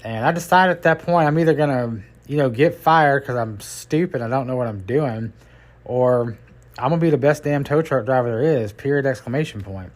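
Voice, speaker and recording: A middle-aged man tells stories from his working life in a loose, folksy, rambling way. His voice sits at an ordinary pitch. He keeps the tone casual, like a podcast host chatting. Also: normal speed. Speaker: podcast host and tow truck driver. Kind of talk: casual storytelling.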